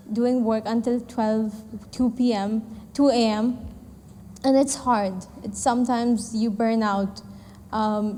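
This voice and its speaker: A woman's voice: a little high, dark tone. A woman in her twenties, a startup founder, telling a candid personal story to an audience with many fillers and acted-out quotes. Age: 20s. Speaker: startup founder and event speaker. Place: event hall. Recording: long hall reverb.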